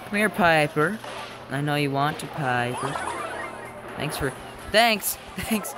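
Excitable young man narrating gameplay. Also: fairly high pitch, takes it slowly. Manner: excitable, jokey, shouts at teammates. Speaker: gameplay commentator. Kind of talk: casual game commentary. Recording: game music behind.

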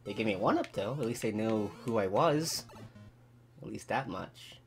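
A man hosting a gaming channel, giving excitable let's play commentary and talking to himself as he plays. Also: lowish voice, moderate pace, faint music behind. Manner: excitable, talks to himself while playing.

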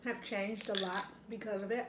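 With a noisy background and an echoey room with faint ambience, a middle-aged woman chats over her meal at home as a mukbang vlogger. Her medium-pitched voice has fairly even intonation at a moderate pace, and she reminisces reflectively with plenty of fillers.

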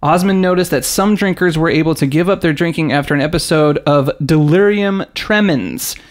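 A man's voice: fairly high pitch, moderate pace. A man hosting a casual podcast chat, telling stories with lots of asides and swearing. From American South. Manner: animated storyteller, jumps into mock voices, swears. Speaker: podcast host.

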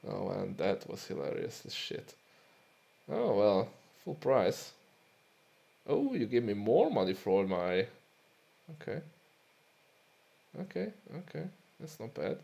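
A gravelly man muttering through a game. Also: lowish voice, very animated, takes it slowly, long pauses, dark tone. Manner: muttering, swearing, self-amused. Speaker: let's play host. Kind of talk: casual game commentary.

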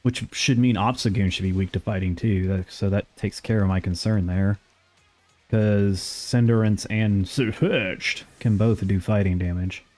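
A young man streaming a game and chatting casually, rambling along with sudden excited outbursts. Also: fairly low pitch, unhurried, faint music behind. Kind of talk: casual live gameplay commentary.

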